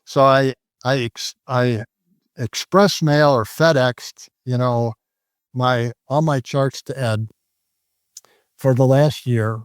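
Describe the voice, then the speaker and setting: A man's voice: medium pitch, fairly even intonation, takes it slowly, clear, resonant tone, no room sound. Here is an older man, a trader on an interview show, telling a story in a loose, rambling voice. He keeps stopping and restarting his sentences. The recording is dry and close, with almost no room sound. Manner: rambling, with many restarts and fillers. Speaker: guest trader. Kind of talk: casual storytelling.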